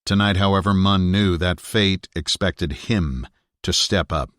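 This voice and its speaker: A man narrating an audiobook thriller in a steady, measured reading on a close studio mic. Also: deep voice, no echo. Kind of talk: scripted narration.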